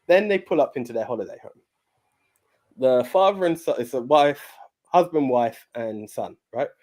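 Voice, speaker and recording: A man's voice: mid-range voice, lively intonation, normal speed, a little mellow. A man co-hosting a podcast, retelling a film in casual chat with stammering repeats and casual swearing. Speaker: podcast co-host.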